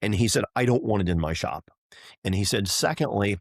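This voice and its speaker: Speaking in a lowish voice with lively intonation and vocal fry, a middle-aged man moves briskly through an enthusiastic story as a podcast guest. He races cars and runs businesses, and he mimics the voices of those he quotes. The recording is dry and studio quality.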